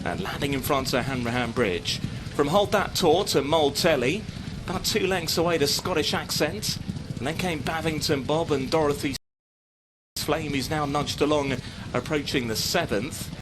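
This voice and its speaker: Guy calling a horse race live, steady flow, outdoor noise underneath. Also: a little high, normal speed. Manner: steady running call of the field. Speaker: horse racing commentator.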